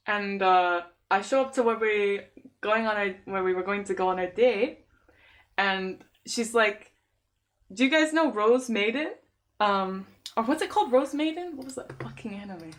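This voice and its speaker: A woman's voice: medium pitch, a little slow. A young woman from San Diego, chatting casually on a live stream, telling stories with lots of laughter and acted-out dialogue. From San Diego, USA. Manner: chatty storytelling, laughs often, lively quoted dialogue. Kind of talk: casual chat.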